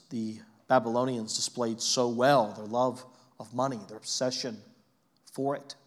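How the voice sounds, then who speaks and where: A man preaching a sermon in a conversational way, often adding "right?" and telling animated, self-deprecating stories. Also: mid-range voice. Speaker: pastor.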